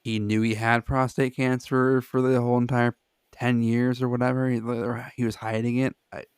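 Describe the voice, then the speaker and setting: A man's voice: medium pitch, level tone, moderate pace, smooth, no echo. A man co-hosting a podcast in casual chat, laid-back and full of "like" fillers, laughing easily. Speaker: podcast co-host.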